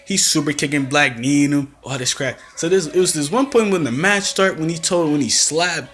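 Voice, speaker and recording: Animated young man recapping wrestling. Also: a little high, normal speed. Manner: animated storytelling with acted-out quotes and laughs. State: coughing, throat acting up. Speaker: wrestling reviewer. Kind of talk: casual recap vlog.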